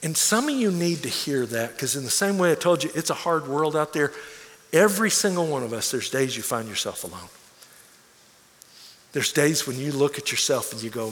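A man in his forties preaching a sermon as pastor, telling stories earnestly and swinging from hushed, quiet lines to emphatic ones. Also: medium pitch, lively intonation, normal speed, slight background noise. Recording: long reverb of a large hall.

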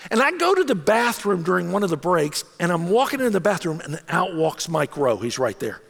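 A middle-aged man, a senior pastor, telling a self-mocking story in an animated way during a sermon. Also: sits high, brisk, gravelly, in a large hall.

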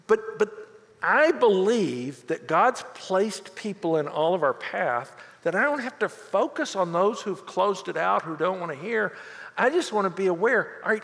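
A middle-aged man preaching a sermon as pastor, telling stories with lively quoted voices. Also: high-pitched, big-room sound. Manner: animated storytelling with quoted voices.

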